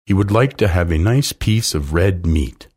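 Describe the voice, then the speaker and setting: A man reading a children's storybook aloud slowly and expressively. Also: low-pitched, expressive, a little mellow, breathy edge. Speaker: narrator.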